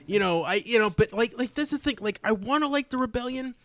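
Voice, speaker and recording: A man's voice: extremely high pitch, quick pace, fairly bright tone. A man co-hosting a casual podcast who rambles eagerly about science fiction. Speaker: podcast co-host.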